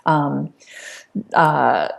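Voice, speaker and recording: A woman's voice: low voice, extremely slow, gravelly. A middle-aged woman speaking as an interview guest, telling a personal story earnestly, with fillers and restarts. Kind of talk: conversational storytelling.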